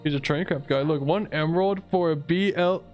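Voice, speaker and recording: Young male gamer, slightly high voice, easygoing rambling commentary, faint game music under him. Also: fairly quick, darkish tone. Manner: rambling, laid-back, says "dude" a lot. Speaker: gaming video creator. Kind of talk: casual gameplay commentary.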